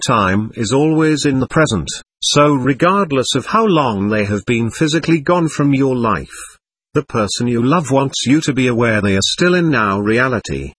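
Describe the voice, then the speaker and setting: A man reads an audiobook in a measured, even manner. His voice is husky, and the recording is close and dry. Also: medium pitch, no echo. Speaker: audiobook narrator. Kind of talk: scripted narration.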